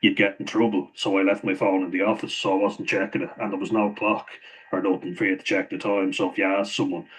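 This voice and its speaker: A man's voice: sits low, level tone, quick pace, fairly bright tone, slight background noise, low-quality recording. A man telling a casual story about his past work, rambling with frequent chuckles and fillers. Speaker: vlogger.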